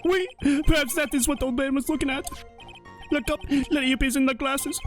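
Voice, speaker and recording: A man's voice: steady tone, a little fast, a bit bright, faint music behind. A man voicing a flamboyant, fussy male French chef with a put-on French accent in a video game let's play. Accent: fake French. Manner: theatrical, swooping high voice.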